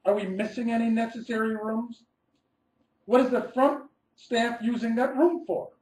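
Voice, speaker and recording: A man's voice: very high voice, steady tone, moderate pace, darkish tone, roomy sound, slight background noise, poor audio. A man, an architect, giving a scripted webinar presentation, reading methodically through numbered steps and stressing key words.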